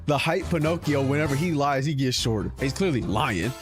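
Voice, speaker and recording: A man streaming, reacting to his own clips in casual chat, animated and swearing, saying bro a lot. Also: medium pitch, brisk, music in the background.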